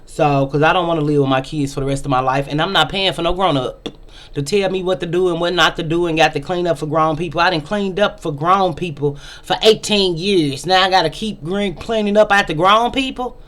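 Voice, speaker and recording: A middle-aged woman hosting her own vlog, giving an emphatic, ranting opinion monologue and repeating lines for effect. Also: lowish voice. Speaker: vlog host.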